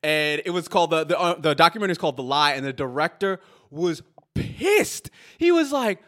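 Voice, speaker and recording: A man's voice: on the high side, steady tone, fast talker, fairly bright tone. A man hosting a podcast in casual chat, telling stories animatedly and swearing freely. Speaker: podcast host.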